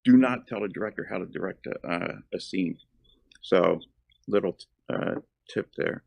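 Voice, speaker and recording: A man's voice: sits low, moderate pace, gravelly, darkish tone, dry recording. A middle-aged man from South Jersey, an actor and former firefighter, talking as an interview guest with many ums and uhs. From South Jersey, USA. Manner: rambling, lots of ums and uhs. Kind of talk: casual interview chat.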